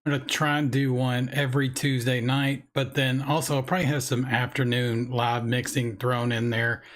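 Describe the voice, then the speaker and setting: Hoarse man chatting on a live stream. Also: mid-range voice, little pitch movement, normal speed. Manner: loose, rambling and chatty. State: hoarse, frog in throat. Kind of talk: casual live-stream chat.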